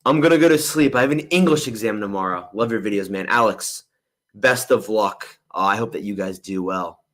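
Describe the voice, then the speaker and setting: A man's voice: on the low side, fairly quick. Young guy rambling thru a movie q&a stream, keeps saying honestly, super candid. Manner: rambling and candid, often says honestly and "I'm gonna be real". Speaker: movie reviewer hosting a livestream Q&A. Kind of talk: casual livestream chat answering viewer questions.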